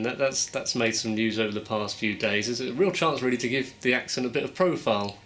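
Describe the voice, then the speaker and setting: A man's voice: medium pitch, brisk, a bit bright. Chatty male interviewer. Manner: chatty, leading questions with tag endings. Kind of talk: interview questions.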